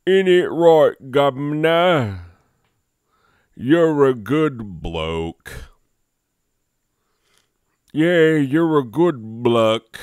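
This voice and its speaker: A man voicing a rough lower-class London thug in a put-on Cockney accent, loud and brash, making threats. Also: very animated, drawn-out words, pauses often, no room sound, clean studio sound. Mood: menacing.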